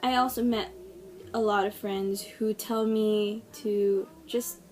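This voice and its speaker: A woman's voice: medium pitch, fairly even intonation, slow pace, darkish tone. A woman in her twenties from Brunei, talking frankly in a personal vlog in a chatty way, full of "like". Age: 20s. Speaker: vlogger.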